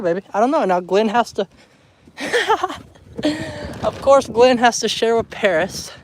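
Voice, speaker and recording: High-voiced man chatting outdoors. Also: background noise. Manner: talks to viewers and animals, emotional, soft coaxing. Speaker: homestead vlogger on a livestream. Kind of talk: casual livestream chat. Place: outdoors on a rural homestead.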